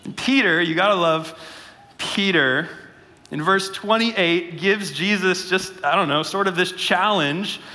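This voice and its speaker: A pastor giving a conversational sermon, often checking in with his listeners with a quick "right?". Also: high-pitched, sharp tone, big-room sound.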